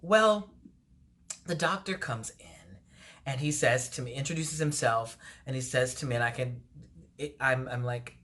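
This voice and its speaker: A woman entertainer telling a personal story in a casual storytime vlog, animated and laughing often. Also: rumbling low, measured pace. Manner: animated retelling with frequent laughs.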